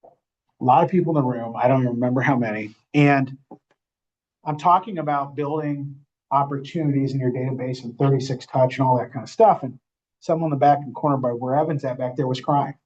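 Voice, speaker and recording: This male real estate trainer speaks in a mid-range, darkish voice at a brisk clip while teaching a live session in a training room. He keeps checking in with the people attending. Audio quality is muffled and dull.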